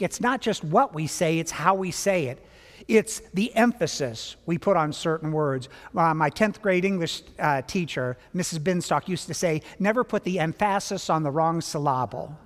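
A man delivers a Bible lesson in a sermon-like style, his voice pitched high for a man. He slips wry jokes in among the teaching. The sound carries a long reverb, like a large hall. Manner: wry, joking asides in a teaching flow.

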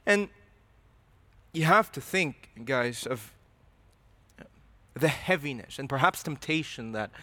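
A man's voice: medium pitch, expressive, slow pace, pauses often, pushed and bright, no echo. A man preaching a sermon who reads scripture aloud and then explains it with rising animation. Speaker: pastor.

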